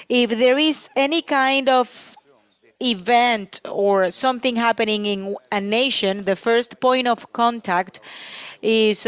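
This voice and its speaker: A woman working as a simultaneous interpreter at a panel discussion, speaking in a steady, even way with frequent pauses as she keeps up with the speaker. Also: a little high, dry recording. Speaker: conference interpreter.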